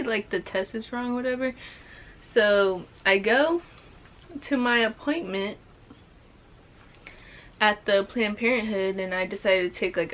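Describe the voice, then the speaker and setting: A young woman casually telling a personal story to camera, full of fillers and growing emotional. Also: mid-range voice. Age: young adult. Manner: slow, emotional, many fillers like "like". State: currently pregnant. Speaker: vlogger.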